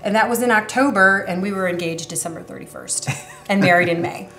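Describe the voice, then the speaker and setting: A woman's voice: mid-range voice, fairly quick, fairly bright tone, roomy sound, faint music behind. A woman in her thirties telling her personal faith story in an interview, earnest and emotional, with many fillers. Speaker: church member sharing her testimony.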